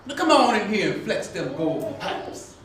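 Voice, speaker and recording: A strong, sexy-voiced nightclub owner coaxes and teases in a slow drawl, as a woman puts him on. He sounds distant, carried across a big, echoing hall on a stage. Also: medium pitch, big pitch swings, a little hiss or hum, voice pushed down, natural voice. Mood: coaxing. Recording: echoey hall from far off.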